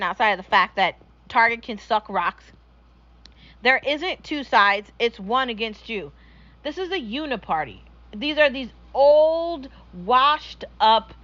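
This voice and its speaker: A woman's voice: mid-range voice, a bit bright, dull audio. A young woman hosting her own show, ranting bluntly and profanely in a casual opinion monologue. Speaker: podcast host.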